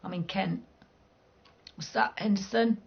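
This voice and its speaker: Gravelly blunt London woman. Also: medium pitch, unhurried, muffled recording. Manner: blunt, cheeky, swears freely. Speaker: game streamer chatting with viewers. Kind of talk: casual chat.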